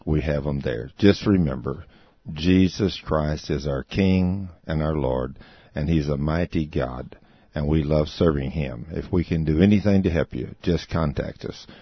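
A man's voice: a bass voice, husky, no room sound. A man closing a ministry radio program with contact details. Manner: slow, plain announcing. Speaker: ministry host. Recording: dry, dull radio sound.

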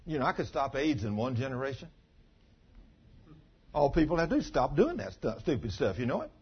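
A man preaching a sermon in a husky, slightly raised voice that swoops widely up and down. He hammers his points with rhetorical questions and acts out remembered conversations. The recording sounds dull and lo-fi. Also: medium pitch, big pitch swings, a little fast. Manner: emphatic, fond of rhetorical questions.

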